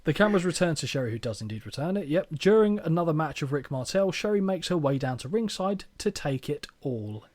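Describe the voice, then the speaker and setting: Man, slightly raised pitch, bantering podcast co-host, reads notes between jokes. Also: lively intonation, a little fast, few pauses, darkish tone. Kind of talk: casual chat reviewing a wrestling event.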